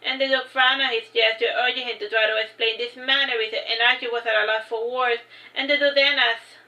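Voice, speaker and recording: Woman author reading her novel aloud on stream, halting, restarts often, bright high voice. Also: steady tone, highs cut off. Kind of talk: livestreamed book reading.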